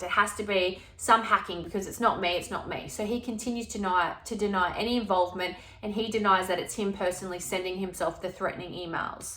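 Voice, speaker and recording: Woman chatting thru a true crime case, middle pitched voice, kinda echoey room. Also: a bit bright. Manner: chatty, retells exchanges in plain conversational speech. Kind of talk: casual true crime narration.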